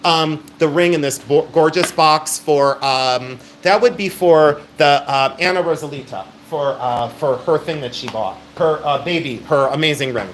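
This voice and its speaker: A man's voice: on the high side, normal speed, hardly any pauses, fairly bright tone, slight background noise. A middle-aged man hosting a live-stream jewelry sale, with chatty, emphatic sales patter.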